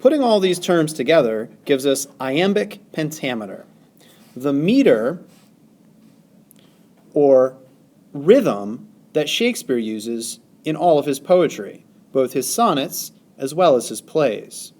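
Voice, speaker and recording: A male teacher giving a recorded lesson, speaking deliberately and exaggerating stressed syllables. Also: on the high side, big pitch swings, a little mellow. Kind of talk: recorded classroom lesson narration.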